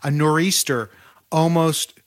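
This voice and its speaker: Man telling history with animated detail. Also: on the high side, a little slow. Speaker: author guest. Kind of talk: podcast interview.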